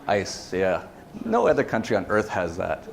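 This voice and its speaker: A man's voice: on the low side, huge pitch swings, moderate pace, vocal fry. A man giving a casual conference talk, rambling with many fillers and restarts. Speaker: conference speaker. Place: conference hall.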